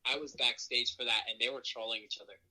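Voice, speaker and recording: Bright-voiced male wrestler telling stories. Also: medium pitch, fast, poor audio. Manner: lively storyteller who acts out quoted voices. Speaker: guest, professional wrestler. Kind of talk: casual storytelling interview.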